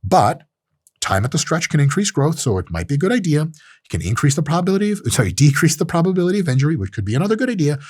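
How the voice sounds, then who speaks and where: Speaking quickly in a slightly high voice, this strength coach delivers a loose, joking talk on lifting technique full of swearing. He's animated and acts out little scenes, and the recording is dry and studio quality.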